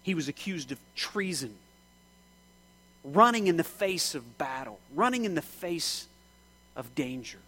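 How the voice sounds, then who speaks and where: A man preaching in church with a fairly high voice. He preaches with passion, rising to shouts and then dropping to hushed pleading. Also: very animated, measured pace, pauses often, low-quality recording. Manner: impassioned, swings from shouting to hushed. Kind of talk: sermon.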